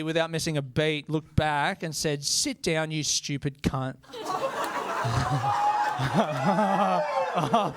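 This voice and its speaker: A young Australian man doing a stand-up comedy set, telling a story conversationally with animated impressions and casual swearing. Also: on the high side, slight background noise. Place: comedy club stage with audience.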